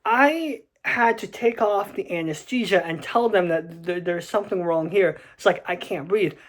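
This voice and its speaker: A man's voice: high voice, normal speed. A young adult man casually telling a personal story to camera, rambling with many restarts and fillers.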